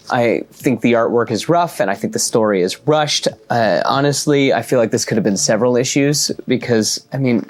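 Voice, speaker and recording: A man hosting a casual comic book recap and review, talking conversationally to his fans. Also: mid-range voice.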